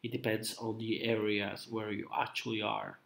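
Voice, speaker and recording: A man's voice: lowish voice, little pitch movement, moderate pace, gravelly, a bit bright. A man hosting a casual live stream, rambling and hesitant with many fillers, coughing from a cold. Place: home room at night. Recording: roomy echo.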